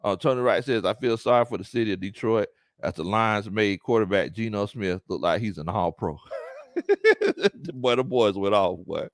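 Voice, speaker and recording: A man's voice: fairly low pitch, big pitch swings, moderate pace, dry recording, clean studio sound. A man hosting a casual live-stream sports chat, reading viewer comments aloud and laughing often. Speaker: sports talk show host.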